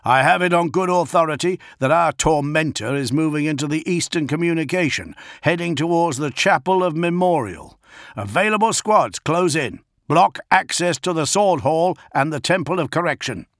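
A man voicing a furious space marine lord who barks his orders high and hard over a dry, close-miked audiobook read. The commander is gruff and wrathful and will not be kept waiting. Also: normal speed, fairly bright tone, no echo. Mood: commanding. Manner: barked commanding orders, raised and intense. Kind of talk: audiobook character voice.

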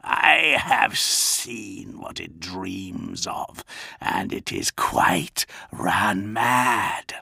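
A gaunt, menacing warlord from an audiobook hisses in a rasping death-rattle voice, as a man puts him on. He draws every word out slowly and mockingly, his tone gravelly and grainy. The delivery is dry and close. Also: low voice, expressive, pushed and bright, no room sound, full character voice. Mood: scornful. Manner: slow, drawn-out menace. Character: towering cadaverous male warlord, menacing, mocking.

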